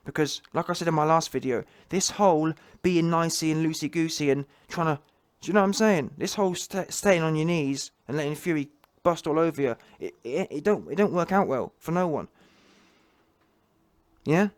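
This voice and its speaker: A man's voice: a little high, animated, normal speed, no room sound, studio quality. A man, ranting in a heated, mocking, slangy reaction commentary. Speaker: online commentator.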